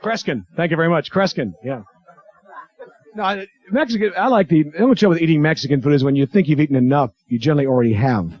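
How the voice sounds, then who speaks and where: A man performing a stand-up routine in a comedy club, slipping into quick character voices and chatting with the crowd. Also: a little high, lively intonation. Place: comedy club stage with live audience. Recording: dull lo-fi 1980s club tape.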